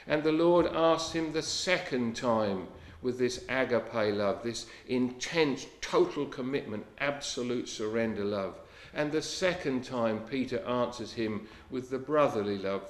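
A man preaching a sermon in an earnest, unhurried way, often dropping to a soft hush. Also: medium pitch. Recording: echoey room.

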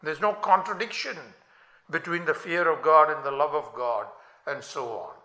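A male preacher delivers a sermon at an unhurried, measured pace, his voice a little high and bright. He rises forcefully whenever he quotes scripture. The sound is roomy, with plenty of echo from the hall. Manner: slow, deliberate preaching with emphatic rises on quotations. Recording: echoey room.

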